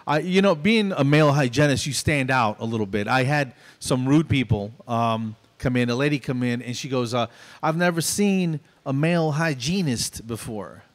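A man's voice: medium pitch, fairly quick, hardly any pauses. A middle-aged man performing a stand-up comedy set on stage in a conversational, self-deprecating way. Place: stage at a small venue.

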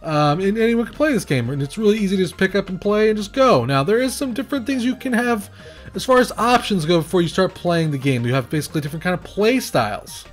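A man's voice: sits high, expressive, quick pace, soft background music. A man giving casual commentary over a video game he is playing, rambling and hesitant with many fillers, and breaking into nervous exclamations when the action gets hectic. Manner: nervous exclamations under pressure. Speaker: game reviewer.

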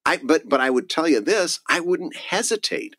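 A man co-hosts a casual podcast chat, his pitch swinging widely as he presses his points. He laughs easily. The sound is dry and close, with no room around it. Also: normal speed, no room sound. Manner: animated, laughs often, emphatic advice. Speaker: podcast co-host, cartoonist.

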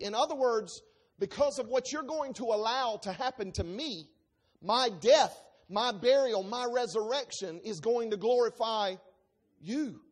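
A preacher delivers an expository Bible-teaching sermon, reading scripture aloud and unpacking it line by line with emphasis. The voice is medium in pitch and sing-song, and the pace is unhurried.

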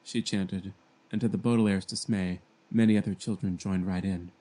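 A man reads a children's novel aloud in a gentle, plain storytelling manner. His voice sits low and mellow, and he raises it for the young characters' lines. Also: steady tone, moderate pace. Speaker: amateur audiobook reader. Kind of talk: fan audiobook reading.

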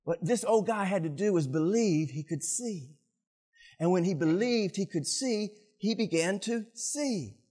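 A male pastor preaching a sermon, telling stories with animated delivery and acting out scenes, often repeating words. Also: high-pitched, a little slow, breathy edge.

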